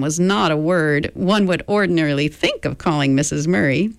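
A woman's voice: sits low, normal speed, creaky, few pauses, no room sound. A woman radio host reading a story aloud expressively, then chatting casually between songs.

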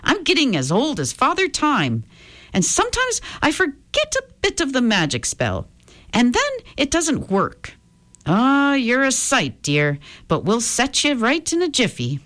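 Lady doing a kindly old leprechaun guy, homely, pitched way up. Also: wildly swooping pitch, a little slow, a bit bright, exaggerated voice. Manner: homely, coaxing.

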